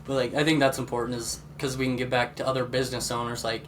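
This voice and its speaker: A man's voice: mid-range voice, flat delivery, fast talker, a bit bright. A young man co-hosting a casual podcast with his sister, rambling through stories with lots of fillers. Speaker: podcast co-host. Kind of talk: casual chat. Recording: faint background noise.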